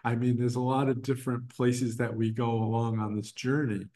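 A man's voice: mid-range voice, flat delivery, normal speed, dark tone. A middle-aged man speaking as a guest in a casual interview, rambling with many restarts and fillers. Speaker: guest, designer and art professor. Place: his art gallery.

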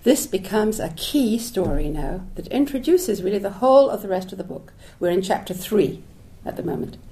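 In a lecture hall, a woman with a mellow, mid-range voice reflects aloud during a public lecture. She searches for her words with restarts and asides, and Hebrew phrases turn up throughout.

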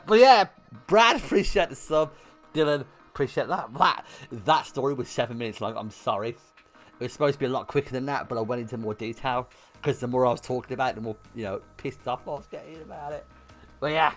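A young man livestreaming, telling a story to his chat in an animated way with lots of swearing and bursts of laughter. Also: mid-range voice, fairly quick, faint music behind. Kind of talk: casual storytelling to stream chat.

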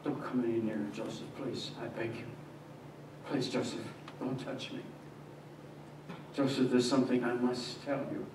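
A male pastor voicing a gentle, frightened young woman who speaks softly and falters, within a church monologue. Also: medium pitch, fairly even intonation, moderate pace, pauses often, voice pushed down, close to an everyday voice. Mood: pleading. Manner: soft, hushed and faltering. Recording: echoey church from a distance, faint hiss.

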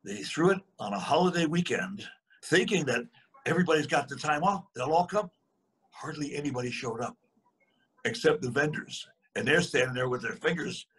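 An elderly man in his eighties tells a story in a husky, slightly raised voice with a bright, forceful edge. He wanders, restarts and chuckles as he talks, in an easy conversational way. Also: on the high side, lively intonation, moderate pace. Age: 80s. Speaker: guest. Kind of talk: casual storytelling.

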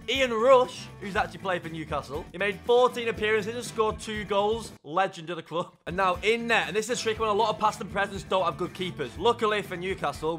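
A man's voice: high-pitched, pushed and bright. A young English man giving casual, joking gameplay commentary and talking straight to his viewers as a gaming YouTuber. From England. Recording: faint music underneath.

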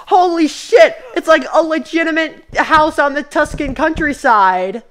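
A woman's voice: high-pitched, animated, slow, fairly bright tone. A woman giving comedic, profane commentary while playing a VR game and chatting with its characters. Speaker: gamer.

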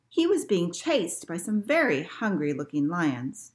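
A woman librarian reading a picture book aloud to children in an expressive storytelling manner. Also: lowish voice, a little slow, few pauses.

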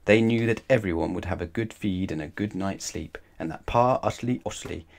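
A man reading a children's bedtime story aloud in a calm, measured way. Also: sits low, gravelly.

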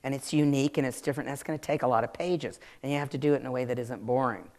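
A woman from Maryland, speaking with a Southern American accent, responds to audience questions at a live author event. Her voice is very deep and warm, she talks very fast, and she's chatty, direct and full of laughter.

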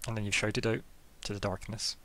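A man's voice: lowish voice, level tone, fairly quick, sharp tone, slight background noise. A man narrating as game master for an online tabletop game, rambling and laughing, full of fillers.

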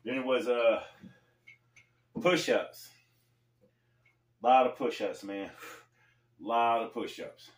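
A man hosting a casual storytelling vlog, talking in a laid-back, slangy way with pauses. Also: mid-range voice, slight background noise. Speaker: storyteller host. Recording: echoey room, mic far off.

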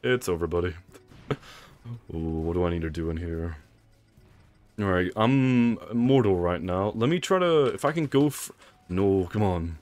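A man's voice: sits low, animated, measured pace, pauses often, darkish tone, dry recording. A young man, commentating a live game stream, teasing chat and laughing often. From England. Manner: playful trash talk, laughs a lot, reads chat aloud.

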